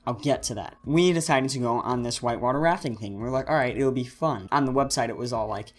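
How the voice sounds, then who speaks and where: A man's voice: mid-range voice, quick pace. Rambling teenage boy telling a story. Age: teens. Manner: rambling, animated, self-correcting storyteller. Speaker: channel host. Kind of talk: casual storytime vlog.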